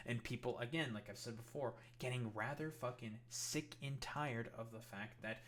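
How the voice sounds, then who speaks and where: A man's voice: mid-range voice, normal speed, a bit bright. A man giving profane, heated political commentary, reacting to clips and swearing constantly.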